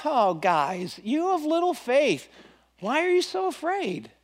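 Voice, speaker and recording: Jesus, as a preacher puts him on, gentle chiding teacher, high lively voice, casual modern words. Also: male voice, slow pace, full character voice. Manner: gently questioning, plain modern wording.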